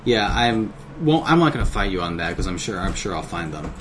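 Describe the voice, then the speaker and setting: A man co-hosting a casual podcast chat, talking in a measured, reflective way. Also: sits low, very animated, background noise. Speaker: podcast co-host.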